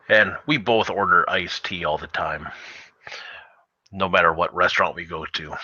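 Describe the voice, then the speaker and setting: Bright-voiced Canadian man telling stories. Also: low voice, no echo, dull audio. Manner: rambling storyteller with many fillers. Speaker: host. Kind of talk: casual chat.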